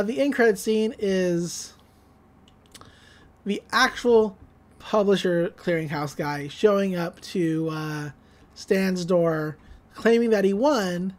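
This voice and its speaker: A woman co-hosting a podcast, casually recapping an episode, laughing often and acting out quoted lines. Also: fairly low pitch. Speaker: podcast co-host.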